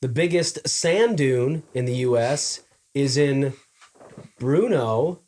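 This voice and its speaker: A man co-hosting a casual podcast, reading out trivia facts slowly and joking with friends. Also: medium pitch, animated, a little mellow. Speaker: podcast co-host. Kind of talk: casual chat.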